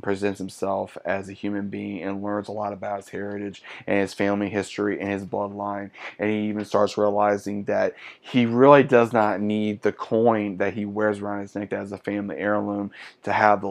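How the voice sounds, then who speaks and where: A man's voice: lowish voice, creaky. A man in his thirties, chatty and enthusiastic, giving a casual movie review to his viewers.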